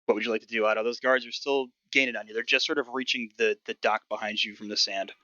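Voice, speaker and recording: A man's voice: mid-range voice, steady tone, fast, sharp tone, dry recording. A man narrating as game master of a tabletop game, describing scenes loosely with plenty of fillers. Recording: dull lo-fi dry mic.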